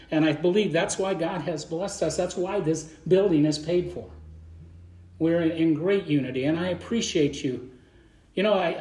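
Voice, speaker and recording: A man's voice: a little high, a little mellow. A man preaching a sermon as a Baptist pastor to his congregation, in a fervent, folksy way that often repeats words. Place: church sanctuary. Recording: echoey church room.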